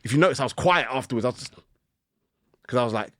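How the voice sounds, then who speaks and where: A man chats as a podcast guest, full of slang and animated storytelling. His voice sits in a middling register. The sound is dry and close, with no room to speak of. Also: medium pitch, normal speed, long pauses, dry recording. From United Kingdom. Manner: animated storytelling with slang and acted-out self-talk. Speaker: guest musician. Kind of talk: casual podcast conversation.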